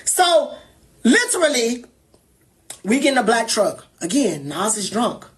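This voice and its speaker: A woman telling a personal story in casual talk, animated and irritated, acting out other people as she goes. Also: a little high, a little slow, noisy background.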